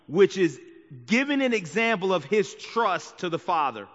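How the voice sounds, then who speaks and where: A man's voice: high voice, very animated, normal speed, fairly bright tone. A man preaching a sermon as pastor, talking conversationally and checking in with the congregation often. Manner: conversational preaching with frequent "right?" and "okay?" asides. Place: church sanctuary. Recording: dull sound with long hall reverb.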